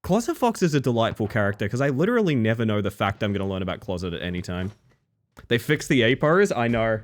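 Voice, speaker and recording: A man's voice: fairly low pitch, sing-song, fast talker. A man live-streaming a game, chatting casually and dryly to his viewers with self-mocking asides. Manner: dry, self-mocking, talks to chat.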